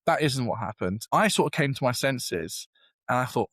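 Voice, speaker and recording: A young British man, appearing as a guest on a podcast interview, tells a long story in a casual, self-deprecating way, packed with fillers and restarts. His medium-pitched voice is expressive and fairly bright, at a moderate pace, with no echo.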